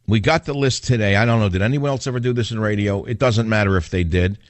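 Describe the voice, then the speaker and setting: A man's voice: on the low side, quick pace, no echo. A man with a New York accent hosting a talk radio show, delivering a combative, sarcastic monologue full of rhetorical questions.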